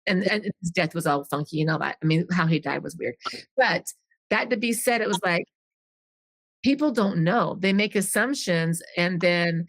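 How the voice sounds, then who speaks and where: A woman's voice: on the low side, expressive, normal speed, no echo. A middle-aged woman tells a personal story in an earnest, rambling podcast conversation. She restarts her sentences often and slips into acting out what others said. Her voice is recorded close and dry, with no room sound.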